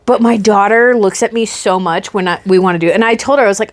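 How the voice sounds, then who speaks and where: A woman in her thirties co-hosting a casual chat, telling a story with lots of swearing and acting out her own panic. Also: brisk. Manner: animated, swears freely, acts out her own panic with big pitch jumps. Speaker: podcast co-host.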